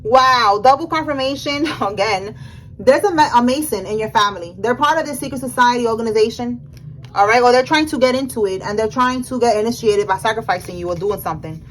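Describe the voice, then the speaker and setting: Excited woman reading tarot. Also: on the high side, a little fast, slight background noise, poor audio. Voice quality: casual slangy speech. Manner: excited, emphatic, talks straight to the viewer. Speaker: tarot reader.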